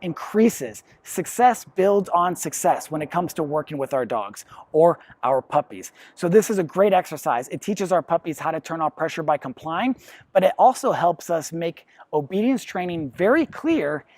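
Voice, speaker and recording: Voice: medium pitch, lively intonation, normal speed, a little mellow, no room sound. Dry, plain-spoken dog trainer. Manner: plain, explanatory, acts out quotes. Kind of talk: instructional explanation.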